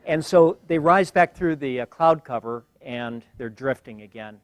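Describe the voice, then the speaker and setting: A man's voice: mid-range voice, no echo. Older man giving a dry-miked lecture. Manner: measured, wry, frequent pauses and fillers. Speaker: guest lecturer. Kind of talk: university lecture. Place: lecture hall.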